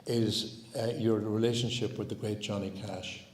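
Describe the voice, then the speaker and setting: A man's voice: fairly low pitch, flat delivery, normal speed. An Irish man as MC, chatting and asking questions in an onstage interview at a community hall. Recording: roomy hall livestream, faint noise.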